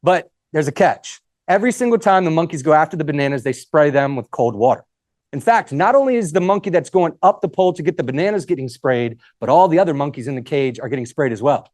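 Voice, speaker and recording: A man's voice: fairly high pitch, expressive, quick pace, a little mellow, no echo, studio quality. A man speaking at a live event, giving a casual motivational talk, joking with the crowd and swearing now and then.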